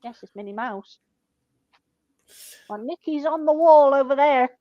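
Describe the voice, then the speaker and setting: A woman's voice: high voice, unhurried, no room sound. Blunt, sweary woman in her twenties. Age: 20s. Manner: blunt, sweary, deadpan storytelling. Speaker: shop worker telling stories. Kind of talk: casual chat. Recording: dull lo-fi dry sound.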